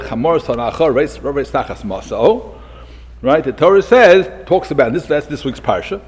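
A man lectures as a yeshiva rabbi, his voice somewhat high and husky. He talks animatedly, acting out the people in the story, and peppers his talk with Hebrew and Yiddish words. A long hall reverb trails behind every phrase. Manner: animated, acts out quotes, sprinkles Hebrew and Yiddish terms. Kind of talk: Torah lecture to students.

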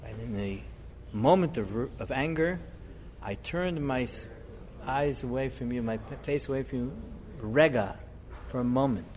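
A middle-aged rabbi delivers a storytelling sermon, conversational and digressive, growing more animated as the story builds. He speaks at a medium pitch and moderate pace, with a little hiss or hum in the recording.

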